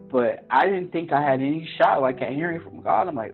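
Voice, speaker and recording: At a moderate pace and medium pitch, a man guesting on a podcast tells a story from his own life in earnest. He reenacts his past reactions with a raised voice, and the audio is tinny, phone-like, with faint music.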